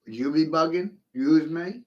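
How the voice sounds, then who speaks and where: A man's voice: fairly high pitch, normal speed, dull audio. A middle-aged man ranting profanely in a rambling livestream monologue, speaking straight to a viewer.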